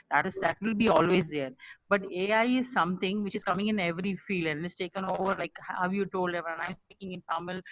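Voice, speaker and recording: A man's voice: sits high, fairly bright tone, slight background noise. A man asks a question over a video call. He hesitates a lot and restarts his sentences. The audio sounds dull and muffled. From India. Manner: hesitant, many fillers and restarts. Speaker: training manager asking a question. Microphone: computer mic on a video call.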